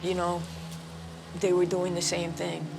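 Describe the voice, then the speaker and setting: A woman's voice: fairly low pitch, completely flat delivery, measured pace, creaky, background noise. A middle-aged American woman giving documentary interview testimony, recounting events in an earnest, distressed way. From United States. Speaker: interviewee, mother of a missing son. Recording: music bed under the voice.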